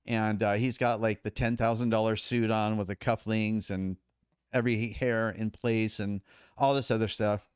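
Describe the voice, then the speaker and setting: Low, smooth-voiced man telling his story. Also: normal speed, no room sound, studio quality. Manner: emphatic, animated retelling with quoted dialogue. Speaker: podcast guest. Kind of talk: storytelling in conversation.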